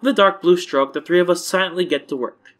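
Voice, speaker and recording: A man's voice: sits high, fast talker, fairly bright tone. A man hosting a let's-play, reading a visual novel aloud casually and correcting his own stumbles.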